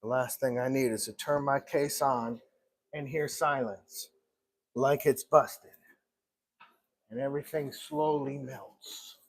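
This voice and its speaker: A man who runs a gelato shop, chatting casually on a live stream as he works and often clearing his throat. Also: medium pitch, steady tone, slow pace, pauses often. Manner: chatty, talks to himself while working, clears throat often. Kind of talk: casual live-stream chat while working. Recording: clear background noise with clicks.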